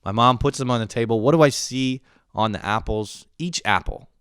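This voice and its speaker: A young man runs a comedic rant on his podcast, full of curses, irritation, and self-mockery, with loud flare-ups that sink into quiet mutters. He speaks at a moderate pace in a clean tone, recorded in the studio with no room sound.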